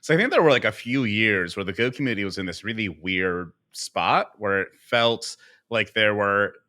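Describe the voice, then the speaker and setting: A man co-hosting a podcast, chatting casually and telling rambling, animated stories with lots of fillers. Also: lowish voice, moderate pace. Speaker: podcast co-host. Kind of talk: casual panel chat.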